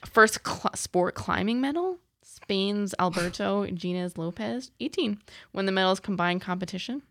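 A woman's voice: medium pitch, lively intonation, a little slow, fairly bright tone, dry recording. A young woman hosting a casual chat, reading out news items in a light, chatty way.

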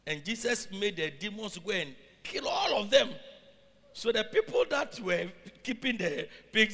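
A man's voice: high voice, bright, forceful tone, in a large hall. A man preaching a sermon, reading scripture aloud and then explaining it, often checking that his congregation follows.

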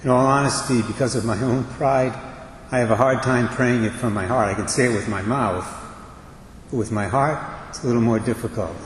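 A priest preaches a homily in a measured, deliberate way, leaving pauses between his phrases. His voice rings through a church with a long reverb, and a faint background hiss sits underneath. He is speaking into a pulpit microphone. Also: medium pitch.

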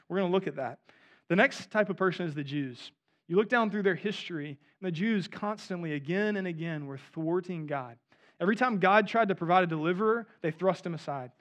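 High-voiced man preaching conversationally. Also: fairly bright tone. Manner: conversational, asks the audience "right?". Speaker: pastor. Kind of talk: sermon.

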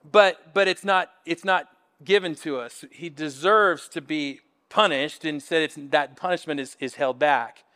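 A high-voiced man preaches with animated energy, stumbling over repeated words as he works toward each point and slipping into the voices he quotes. His sermon rings with the long reverb of a church hall. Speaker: pastor. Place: church sanctuary.

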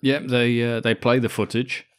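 A man's voice: medium pitch, little pitch movement, moderate pace, smooth. A man co-hosting a casual film podcast, bantering crudely and laughing often as he recaps scenes. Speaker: podcast co-host. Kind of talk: casual film-review chat.

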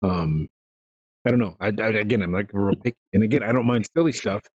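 A man hosting a casual gaming podcast, telling rambling, animated stories. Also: fairly low pitch, fast, breathy edge, no room sound, muffled recording. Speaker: podcast host.

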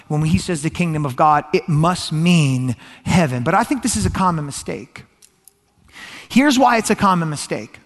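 High-voiced preacher in a hall. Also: male voice, moderate pace. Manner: animated conversational preaching, asks the crowd questions. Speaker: pastor. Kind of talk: sermon. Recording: long reverb of a large hall.

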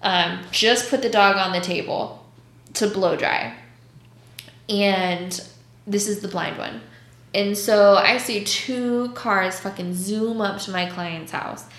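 Woman, dog groomer, blunt and cussing, bright forceful voice, roomy echo. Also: mid-range voice, fairly even intonation, takes it slowly. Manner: blunt and profane, acts out voices in stories. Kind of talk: casual storytelling chat.

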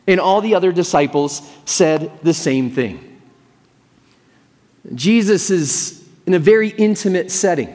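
A male pastor with a fairly high voice preaches to his congregation. He reads scripture aloud, then moves into relaxed, conversational reflection. His voice rings with a long reverb, as if in a large hall. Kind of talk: sermon.

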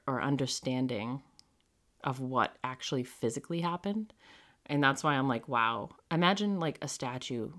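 A podcast host tells a personal story in a loose, conversational way, scattering "like" through every sentence. The telling is frank and animated, with some swearing, and the voice sits at a middling pitch. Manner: chatty, heavy use of "like" fillers.

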